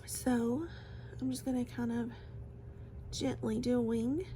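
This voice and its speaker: A woman's voice: fairly high pitch, level tone, slow, warm tone, a little hiss or hum. A woman chatting casually through a makeup tutorial, gushing and laughing often as she talks. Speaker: beauty vlogger.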